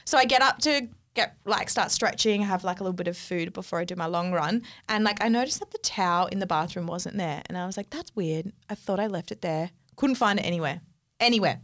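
A young woman, co-hosting a podcast and telling a story in a casual, animated, exasperated way, swearing freely. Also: fairly low pitch, brisk. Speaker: podcast co-host.

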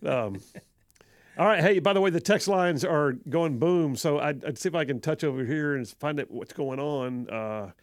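A man's voice: on the high side, normal speed, no echo, studio quality. A middle-aged man with a Southern US accent hosting a call-in radio talk show, chatty and self-deprecating, laughing often as he reads texts from listeners. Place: radio studio. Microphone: studio microphone.

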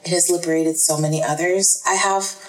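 Low-voiced woman, thoughtful podcast guest. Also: fairly even intonation, low-quality recording. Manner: thoughtful, measured, frequent "like" and "um". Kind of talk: casual interview talk.

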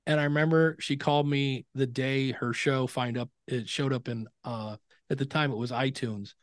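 With a medium-pitched voice at a moderate pace, this middle-aged man tells animated stories, acting out the quoted lines. He's a podcasting expert guest in a casual interview, and the studio-quality audio has no echo.

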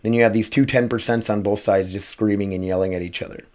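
A man's voice: fairly low pitch, fairly even intonation, fast, darkish tone. A man hosting his own podcast, ranting casually with lots of swearing, rambling asides and rhetorical questions. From United States. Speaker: podcast host and streamer. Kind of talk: casual solo podcast rant.

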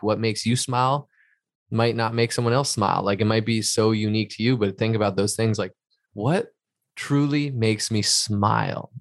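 A man with a lowish voice co-hosts a podcast. He speaks earnestly and reflectively, encouraging his listeners. The sound is dry and close. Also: creaky, dry recording. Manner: earnest, reflective motivational talk. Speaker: podcast co-host. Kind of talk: casual chat.

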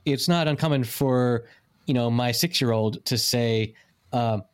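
A man's voice: mid-range voice, a little slow, smooth. A man in his forties talks casually on a podcast. He rambles, circling back and restarting his thoughts as he goes. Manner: rambling, with many restarts and fillers. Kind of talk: casual chat.

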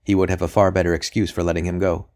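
Brief: male narrator, very low voice, measured audiobook reading. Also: level tone, darkish tone. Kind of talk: scripted narration.

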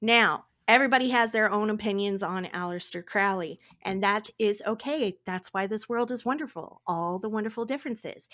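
An animated woman co-hosts a podcast in casual chat. She is playful and adds dramatic asides. Her voice sits in the middle range. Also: mid-range voice. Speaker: podcast co-host.

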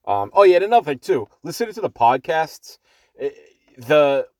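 A Boston, Massachusetts man with a thick accent hosts a solo podcast off the cuff from his parked car, recorded on an earbud mic. He rambles with many fillers and restarts and swears bluntly. His voice is a little high and a little mellow, with big pitch swings at a moderate pace; the sound is clean studio quality with no room sound.

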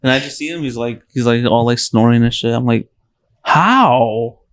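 A man's voice: medium pitch, fairly even intonation, quick pace, clear, resonant tone. A young man in casual podcast chat, telling loose stories with lots of swearing. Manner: loose storytelling, swears a lot.

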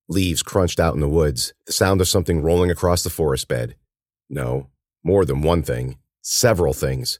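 A man reading a horror story aloud as narrator, with dramatic, measured storytelling. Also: rumbling low, darkish tone, no echo, studio quality.

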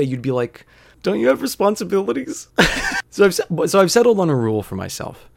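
A young man telling a personal story in a wry, deadpan, conversational way. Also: fairly high pitch, gravelly.

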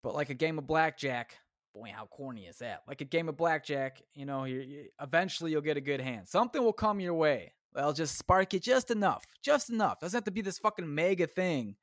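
A man's voice: a little high, lively intonation, a little fast, no echo, studio quality. A man hosting a solo podcast, ranting casually, swearing constantly and rambling off on tangents. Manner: rambling, self-interrupting. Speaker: podcast host.

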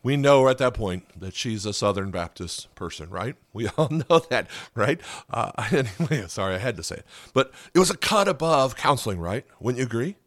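A man gives a relaxed, conversational sermon for a podcast, often turning to the listeners with quick questions. His voice sits at an ordinary middle pitch. The sound is close and dry, with no room around it. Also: no room sound. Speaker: pastor.

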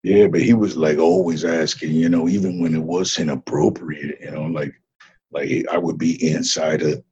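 A man's voice: very deep voice, fairly even intonation, moderate pace, warm tone, slightly rough, lo-fi sound, exaggerated voice. A man playing a laid-back Mexican ex-wrestler who hatched from an egg, drawling and saying "man" constantly in a comedy interview. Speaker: interview guest.

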